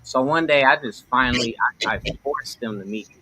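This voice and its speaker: Bright-voiced man telling a story. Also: medium pitch, brisk, low-quality recording. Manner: animated storyteller, slangy. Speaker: guest. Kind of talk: casual livestream chat.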